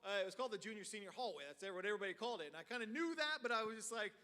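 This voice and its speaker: A man tells a story from the pulpit, lively and loose, his sentences full of filler words. His voice sits high and sounds bright. The sound rings in a large, reverberant church hall. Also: very fast. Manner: animated, heavy use of filler words. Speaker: preacher. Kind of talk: storytelling sermon. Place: church sanctuary.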